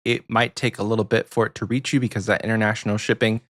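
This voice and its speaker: A man's voice: lowish voice, level tone, quick pace, a bit bright. Chatty American man hosting a podcast. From United States. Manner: rambling, chatty, frequent ums. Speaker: podcast co-host. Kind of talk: casual podcast chat.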